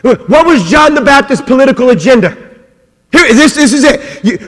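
A man preaching a sermon as pastor, swinging between loud, forceful passages and quiet ones. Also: extremely high pitch, expressive, normal speed, long reverb tail.

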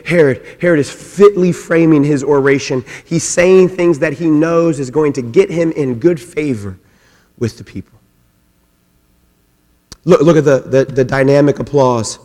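A man preaching a sermon as pastor, swinging between loud, forceful passages and quiet ones. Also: a little high, moderate pace, pauses often, big-room sound.

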